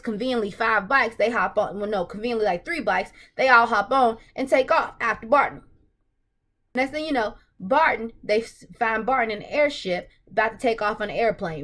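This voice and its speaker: A woman casually recapping a TV episode, retelling scenes with excited, acted-out reactions. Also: a little high.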